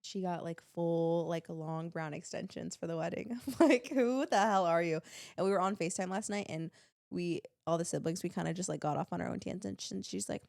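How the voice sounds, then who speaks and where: Young woman cohost, gravelly low voice, teasing and jokey, dry mic. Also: fairly even intonation, brisk, darkish tone, no echo. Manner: playful, teasing, gravelly fry. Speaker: podcast co-host. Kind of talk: casual chat. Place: small room.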